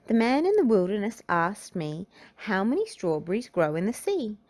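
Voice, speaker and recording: A woman reading a children's storybook and nursery rhymes aloud, in a gentle, unhurried way. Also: mid-range voice, very animated, no echo. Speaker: children's book reader.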